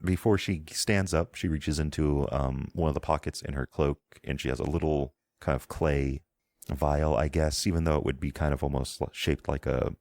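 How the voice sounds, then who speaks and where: A man's voice: a bass voice, fairly even intonation, normal speed, darkish tone, dry recording. A man as game master, narrating a tabletop game in a meandering, descriptive way, often searching for words.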